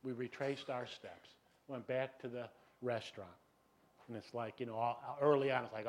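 Man, middle-aged, pastor, sermon, animated storytelling, self-deprecating, mid-pitched voice. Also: moderate pace. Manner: animated, self-deprecating, acts out voices, many "you know"s.

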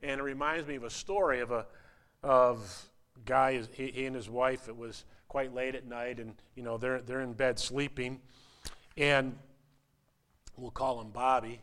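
Halting male preacher telling a story. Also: mid-range voice, steady tone, a bit bright. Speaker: pastor. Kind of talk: sermon with an illustrative story.

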